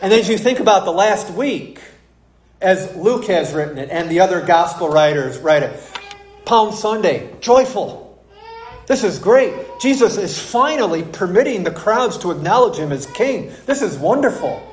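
A pastor reading scripture and then preaching a sermon, telling stories in an emphatic, animated way. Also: male voice, sits high, normal speed, slight background noise. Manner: storytelling, emphatic and animated in anecdotes. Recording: roomy echo.

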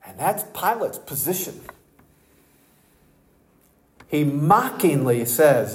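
A man's voice: fairly high pitch, a little slow, echoey room, slight background noise, poor audio. A man preaching a sermon in a church, emphatic and full of rhetorical questions. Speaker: pastor.

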